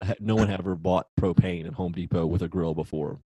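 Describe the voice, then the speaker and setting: A man in his twenties co-hosting a casual podcast, telling a story in an animated, exasperated way. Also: low voice, fairly quick, husky, no echo, low-quality recording. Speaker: podcast co-host. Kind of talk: casual chat.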